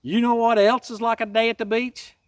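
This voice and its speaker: A man's voice: very high-pitched, level tone, brisk, recorded from a distance, background noise. A man hosting a hiking channel, giving a casual, rambling trail update with folksy self-deprecating jokes.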